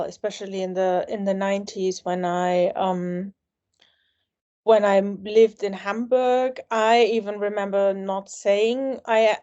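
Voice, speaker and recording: A woman in her forties speaks English with a German accent in a mellow, warm tone, spinning lively anecdotes full of restarts. The audio is slightly lo-fi and dull. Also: mid-range voice. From East Germany. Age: 40s. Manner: lively storytelling with frequent restarts and acted quotes. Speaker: guest, journalist. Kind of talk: casual interview conversation.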